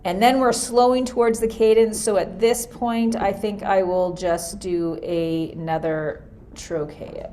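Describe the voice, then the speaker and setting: A woman's voice: mid-range voice, steady tone, mellow. Woman teaching music theory, thinking aloud. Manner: thinking aloud, casual and unhurried. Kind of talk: screen-recorded lesson. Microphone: computer mic for a screen recording.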